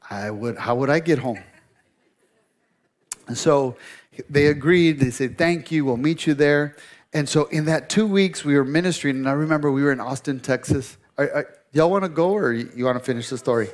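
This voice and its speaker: A man's voice: a little high, brisk. A middle-aged male pastor preaching a sermon, telling a story in a conversational, joking way with asides to the congregation.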